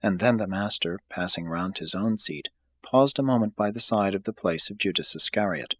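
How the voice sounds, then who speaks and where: Low-voiced, husky male reader. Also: no echo. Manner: steady, measured reading. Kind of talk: reading aloud from a book.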